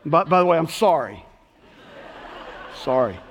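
Man, pastor, middle-aged, very high voice, long hall reverb, sermon in a church. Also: big pitch swings, moderate pace, pauses often. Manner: preaching with sweeping swings between loud and hushed. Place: church sanctuary.

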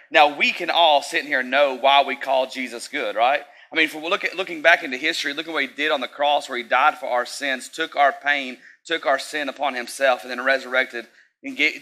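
A man's voice: on the high side, pushed and bright, rough recording. A young man giving a casual, talkative sermon, full of fillers and asides to the audience.

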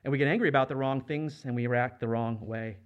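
A man's voice: mid-range voice, fast talker, lo-fi sound. A man preaching a sermon as a pastor, speaking conversationally and asking the congregation rhetorical questions. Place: church.

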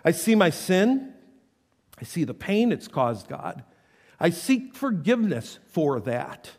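Man, pastor, sermon, dramatic scripture reading, high lively voice, long hall reverb. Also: slow pace. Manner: reads scripture aloud with dramatic intensity.

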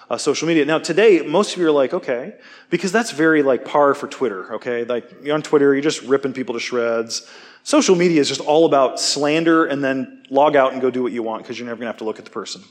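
A male teacher gives a casual sermon, telling stories in an emphatic, animated, conversational way, his voice in the mid-range.

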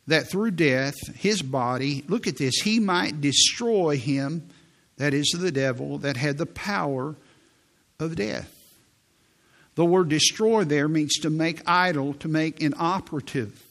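A man preaching a sermon in a slow, deliberate way, reading scripture aloud and explaining it. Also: a little high, a bit bright. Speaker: pastor.

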